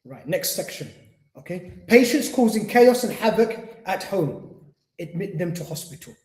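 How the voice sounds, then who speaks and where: A high-pitched, expressive man lectures at an Islamic centre at normal speed, earnestly restating his points and acting out what his patients say. The recording carries a roomy echo.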